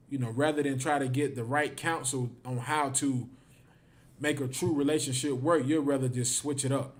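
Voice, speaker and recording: A man's voice: medium pitch, fairly even intonation, normal speed. A man teaching a livestreamed scripture class, emphatic and repetitive, often tagging his phrases with "man". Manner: emphatic, repeats himself, ends phrases with "man".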